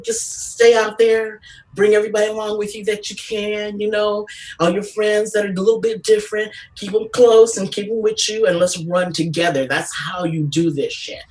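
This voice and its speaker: A woman doing a stand-up comedy set, telling brash, profane stories in an animated way. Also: medium pitch, normal speed, distant mic, rough recording.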